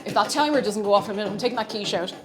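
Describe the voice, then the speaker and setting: A woman's voice: medium pitch, very fast. A young Irish woman streaming live as she cooks, chatting playfully with her chat and reading out messages. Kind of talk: casual live-stream chat while cooking. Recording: faint music in background.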